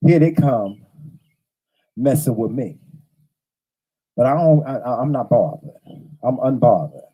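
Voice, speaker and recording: A man's voice: medium pitch, expressive, a little slow, husky, lo-fi sound. A man in his fifties hosting a livestream from home, talking casually with a drawling, chatty manner and greeting viewers by name. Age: 50s. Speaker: livestream host. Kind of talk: casual chat to a live audience.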